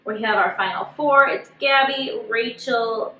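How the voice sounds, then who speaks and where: A woman's voice: a little high, unhurried, bright, forceful tone, reverberant, recorded from a distance, highs cut off, a little hiss or hum. A woman co-hosting a casual chat podcast who recaps events in a chatty way and draws words out for emphasis. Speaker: podcast co-host.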